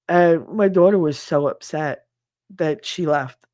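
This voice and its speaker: A woman's voice: deep voice, a little slow, mellow, no echo. A middle-aged woman hosting a podcast, telling a personal story in a rambling way, full of "like" and "he said". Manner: rambling, heavy use of "like" and "he said". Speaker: podcast host. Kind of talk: casual storytelling.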